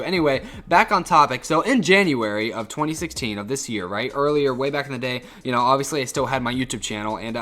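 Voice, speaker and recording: Fast-talking teen guy telling a story. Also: medium pitch, a bit bright. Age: teens. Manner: rambling, profane, restarts often. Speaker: YouTuber and high school student. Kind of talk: casual storytime vlog.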